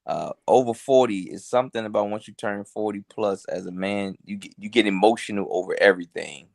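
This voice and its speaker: A man's voice: lowish voice, fairly quick, creaky, no room sound, clean studio sound. A man in his forties co-hosting a podcast, laid-back and reflective in slangy casual chat. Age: 40s. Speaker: podcast co-host.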